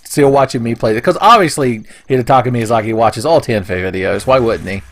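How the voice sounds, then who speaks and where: A man's voice: fairly low pitch, brisk, hardly any pauses. A young man doing casual let's play commentary, rambling into goofy, profane rants. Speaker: gaming commentator.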